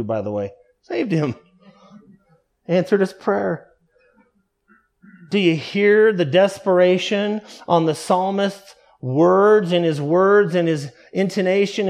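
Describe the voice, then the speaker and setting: A man preaching a sermon earnestly, dropping low and quiet for emphasis and drawing out quoted prayers slowly.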